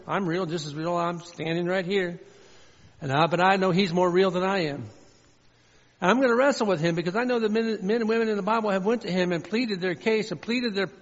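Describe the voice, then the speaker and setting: A man preaching with a high, ringing voice that carries through a long-echoing sanctuary. He is fervent and repetitive, often slipping into the words of a prayer as he speaks. The sound is dull and muffled, like an older church recording. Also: fairly quick. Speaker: pastor. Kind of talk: sermon. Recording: dull, reverberant hall sound.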